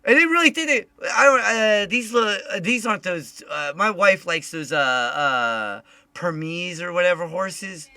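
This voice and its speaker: A man hosting a casual live-streamed chat show, loud and animated, swearing often. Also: high-pitched, moderate pace, few pauses, no echo. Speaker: podcast host.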